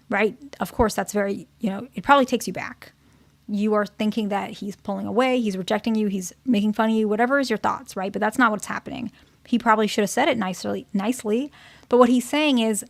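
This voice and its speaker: A woman's voice: on the high side, fairly quick, creaky, dry recording. A woman therapist giving relationship advice in a casual, conversational monologue, often checking in with "okay?" and "right?".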